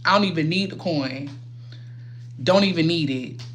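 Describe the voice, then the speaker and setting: Woman livestreamer, low-pitched, loose and profane, faint background hiss. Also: normal speed. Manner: chatty, rambling, swears freely, talks to viewers. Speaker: livestream host. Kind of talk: casual livestream chat while doing makeup.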